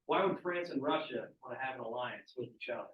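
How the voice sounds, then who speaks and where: A man's voice: medium pitch, expressive, quick pace. A male teacher giving a casual history lecture to a class, asking students questions as he goes. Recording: echoey, distant, muffled classroom recording.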